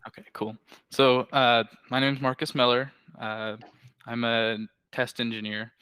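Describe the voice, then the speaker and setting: A man's voice: mid-range voice, steady tone, measured pace, pushed and bright, clear, resonant tone. A man, a test engineer, giving a brief, matter-of-fact introduction on a video call. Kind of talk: casual self-introduction.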